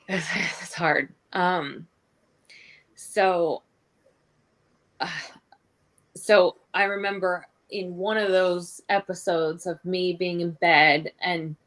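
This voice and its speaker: A young adult woman speaks as a guest on an interview show, telling her own story. Her voice sits a little low, and she talks in a candid, halting way, restarting sentences and filling gaps with "like" and "um.". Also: fairly even intonation, fairly bright tone. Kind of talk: emotional personal storytelling.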